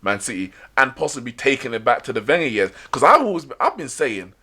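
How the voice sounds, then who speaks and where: A man's voice: mid-range voice, sing-song, fairly quick, bright, forceful tone. A man co-hosting a casual sports podcast, chatty and teasing. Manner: chatty, laughs often, teasing. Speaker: podcast co-host.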